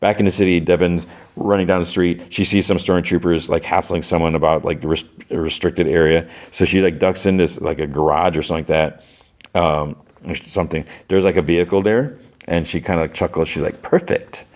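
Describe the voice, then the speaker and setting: Brief: casual male podcast host, deep low voice, rambling recap. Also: steady tone, brisk, darkish tone. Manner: rambling retelling, heavy on "he's like" and fillers.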